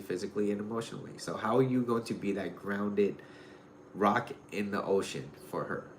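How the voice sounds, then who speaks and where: Low-voiced man giving rambling dating advice. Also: fairly bright tone. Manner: rambling, loose, lots of "like" and "you know". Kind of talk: casual advice talk. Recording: roomy echo with faint noise.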